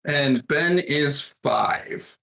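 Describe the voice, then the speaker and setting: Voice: mid-range voice, very slow, vocal fry, pushed and bright. A streamer chatting casually in a home kitchen while cooking, with a sarcastic, rambling manner. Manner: sarcastic, chatty, fond of fillers. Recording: roomy kitchen with faint noise.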